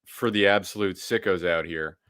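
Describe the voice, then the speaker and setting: A man's voice: low voice, moderate pace, fairly bright tone, dry recording, clean studio sound. A man co-hosting a casual sports podcast over a video call, laid-back and joking, swearing now and then. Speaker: co-host.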